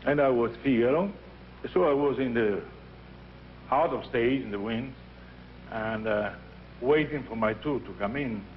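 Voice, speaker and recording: A man's voice: medium pitch, measured pace, long pauses. Older Italian-accented man teaching opera. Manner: animated, acts out scenes and voices while teaching. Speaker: opera teacher leading a masterclass. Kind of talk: teaching and storytelling. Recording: dull lo-fi archival recording with faint noise.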